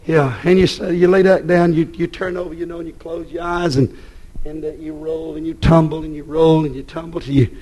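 Preacher, male, husky high voice, shouts then drops low to tell stories. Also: steady tone, normal speed. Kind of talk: fiery sermon.

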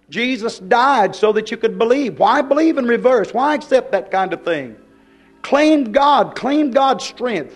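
An older man, preaching a fervent, exhorting sermon. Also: sits high.

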